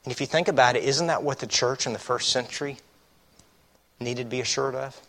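A man delivers an earnest sermon, leaning on rhetorical questions and reading scripture aloud with emphasis. His voice is bright and forward, sitting at an ordinary pitch for a man. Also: fairly even intonation, brisk. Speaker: pastor.

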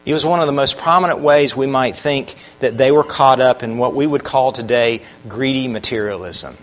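A man's voice: medium pitch, normal speed, poor audio. A man preaching a sermon, earnest, often putting questions to the congregation. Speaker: pastor.

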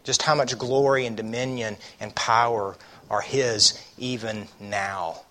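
A man delivers an earnest sermon, leaning on rhetorical questions and reading scripture aloud with emphasis. His voice is bright and forward, sitting at an ordinary pitch for a man. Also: fairly even intonation, unhurried. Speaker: pastor.

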